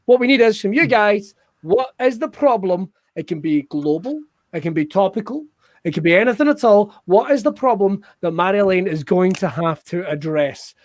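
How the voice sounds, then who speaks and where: Energetic swearing improv host. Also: male voice, fairly high pitch, dry recording, clean studio sound. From United Kingdom. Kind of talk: live online improv show hosting.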